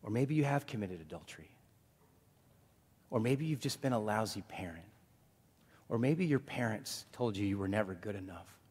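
A male pastor preaching a sermon to his congregation in a lively, joking manner. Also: on the low side, normal speed, long pauses, husky. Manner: animated preaching, jokes with the congregation. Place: church sanctuary. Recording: long hall reverb.

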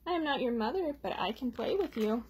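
A woman voicing a gentle, caring female polar bear in a picture-book read-aloud, speaking calmly and soothingly. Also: fairly high pitch, a little fast, slightly rough, poor audio.

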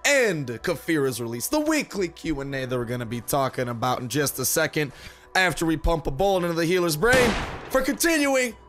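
A hoarse young man hosting a gaming channel, chatting casually and upbeat with sarcastic asides while he plays. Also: fairly high pitch, big pitch swings, a little fast, over music. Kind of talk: casual gameplay commentary.

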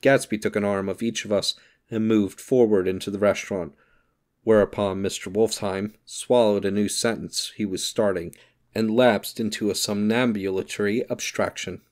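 A man narrating a novel as an audiobook, reading in a steady, measured way. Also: on the low side. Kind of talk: scripted narration.

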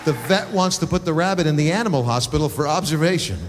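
Guy doing crude stand-up, kinda high voice, exasperated, live hall with noise behind him. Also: expressive, some chatter behind. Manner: crude, exasperated storytelling with quick acted asides. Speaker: stand-up comedian. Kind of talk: stand-up comedy. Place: theater stage. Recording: live show in a large hall, audience noise.

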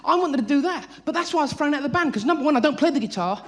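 Frantic high-voiced comedian. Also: male voice, expressive, very fast. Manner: frantic, high-energy, swearing, acting out voices. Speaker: stand-up comedian. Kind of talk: live stand-up comedy. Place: theatre stage before a laughing audience. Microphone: stage mic. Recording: live theatre recording with audience noise.

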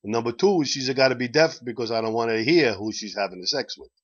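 A man's voice: mid-range voice, fast talker, lightly acted. A man voicing an elderly male Pope with a hammy put-on Italian accent in a told joke, on a dull lo-fi recording. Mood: pleading.

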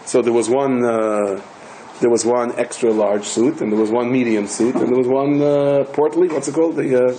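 Older rabbi telling jokey stories. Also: male voice, mid-range voice, moderate pace, slight background noise, rough recording. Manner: animated, joking storyteller with many restarts. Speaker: rabbi giving a lecture. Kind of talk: storytelling Torah lecture.

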